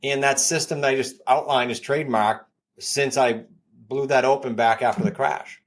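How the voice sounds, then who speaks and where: Energetic man with a New England accent. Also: normal speed. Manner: energetic, pitching, repeats key points. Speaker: guest, real estate coach. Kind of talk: podcast interview.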